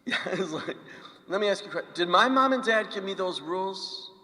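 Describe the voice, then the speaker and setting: A male pastor gives a casual, storytelling homily and keeps turning to the congregation with questions. His voice is bright and forward, pitched a bit above the usual. A long church reverb trails each phrase. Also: lively intonation, quick pace. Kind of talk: conversational homily.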